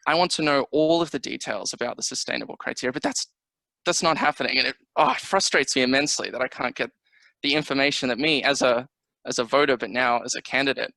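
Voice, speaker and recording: A man's voice: medium pitch, vocal fry, bright, forceful tone, no echo, low-quality recording. A man from Australia who is a council candidate, giving an impassioned campaign speech over a video call with pointed rhetorical questions.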